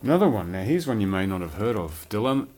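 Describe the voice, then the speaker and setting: Man, very low voice, casual rambling chat, light swearing, faint background noise. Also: very animated, quick pace, darkish tone. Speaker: collector showing his films.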